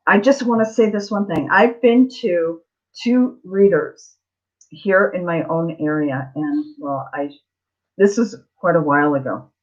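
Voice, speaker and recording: A woman's voice: on the low side, measured pace. A middle-aged woman, a psychic tarot reader telling a story in a blunt, chatty, digressive way on a live Q&A stream. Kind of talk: casual storytelling on a livestream. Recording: slightly dull lo-fi audio.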